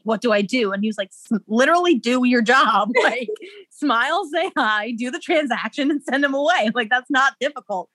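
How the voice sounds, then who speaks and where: Young woman, fairly high voice, bubbly and giggly, filler-heavy storytelling, dry close sound. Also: fairly bright tone, dry recording. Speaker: podcast co-host. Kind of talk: casual storytelling chat.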